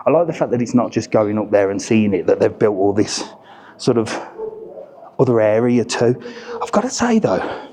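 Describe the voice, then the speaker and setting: A man's voice: fairly low pitch, moderate pace. A middle-aged man, chatting and joking to a handheld camera in an indoor ice tunnel, a little out of breath. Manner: chatty, jokey, teasing. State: slightly out of breath. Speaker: travel vlogger. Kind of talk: casual vlog talking to camera. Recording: crowd chatter behind the voice. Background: crowd of visitors.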